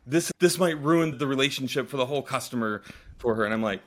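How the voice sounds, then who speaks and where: Man hosting, animated storyteller. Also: medium pitch, quick pace. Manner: lively storyteller who acts out past dialogue. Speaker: podcast host. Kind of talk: casual podcast conversation.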